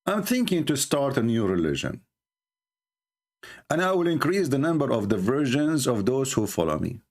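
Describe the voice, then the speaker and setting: A man's voice: mid-range voice, very animated, moderate pace, a little mellow. A man giving a sarcastic, mocking monologue as a religious debater, full of scornful rhetorical questions.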